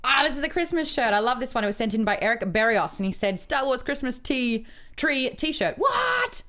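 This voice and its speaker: A woman's voice: sits high, sing-song, normal speed, pushed and bright. A young woman co-hosting a casual podcast, bubbly as she reads out fan messages. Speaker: co-host.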